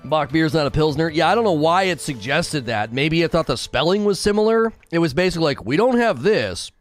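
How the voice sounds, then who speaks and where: A man's voice: fairly high pitch, lively intonation, brisk, soft background music. A man streaming a game and chatting casually with his viewers, giggly and rambling, laughing often at his own jokes. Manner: rambling, with many fillers and restarts. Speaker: game streamer talking to chat. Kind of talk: casual live-stream chat.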